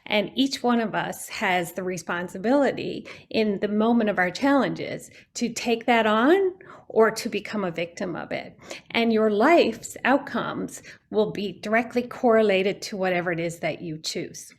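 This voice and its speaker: A woman's voice: medium pitch, expressive, unhurried. A woman giving an earnest, reflective talk on self-care in an online meeting, often restarting her phrases as she thinks. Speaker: guest speaker. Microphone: video call.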